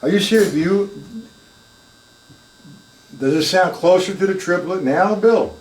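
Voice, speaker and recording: A man's voice: high-pitched, a little slow, darkish tone. An older man giving a live drum lesson, chatting casually, calling viewers by name and counting beats aloud. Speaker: drum teacher. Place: room with drum kit. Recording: echoey room, from a distance, with music.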